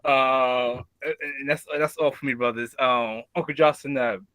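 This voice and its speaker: A man giving an emotional spoken tribute, halting and restarting often while holding back tears. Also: medium pitch, fairly even intonation, sharp tone, dry recording. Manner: halting, many fillers and restarts. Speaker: mourner sharing a tribute.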